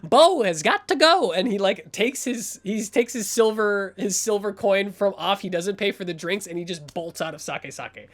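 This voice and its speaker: A man's voice: high-pitched, moderate pace, hardly any pauses. Man, game master, rambling narration, tabletop game, lots of "like". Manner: rambling, filler-heavy narration.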